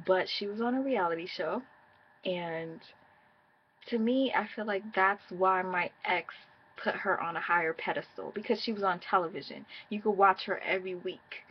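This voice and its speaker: A woman tells her own story straight to her viewers, blunt and profane. Her voice is husky. The audio sounds dull and muffled. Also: mid-range voice, normal speed. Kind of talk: casual personal storytime.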